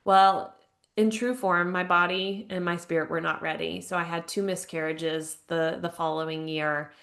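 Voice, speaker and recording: An American grief counselor in her thirties appears as a podcast guest from her home abroad, recounting her personal story earnestly and reflectively. Her low-leaning voice is gravelly and a bit bright, fairly even at normal speed, peppered with "like" and gentle laughter.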